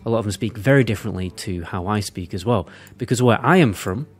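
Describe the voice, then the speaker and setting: Casual video host, male, South Cumbrian accent, fairly low, rambling and self-deprecating. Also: fast talker, slightly rough, soft background music. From Windermere, northern England. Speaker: video creator.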